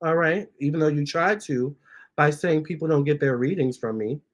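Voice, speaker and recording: A man's voice: a little high, moderate pace. A man, a tarot reader, chatting casually on his livestream, reading viewer comments aloud and cooing at his cats. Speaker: tarot reader and channel host.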